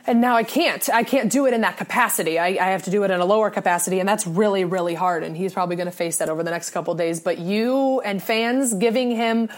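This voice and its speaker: A woman's voice: mid-range voice, fast talker, hardly any pauses. A young woman co-hosting a sports podcast, talking in an earnest, rambling way with many restarts. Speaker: podcast co-host. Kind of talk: casual sports podcast talk.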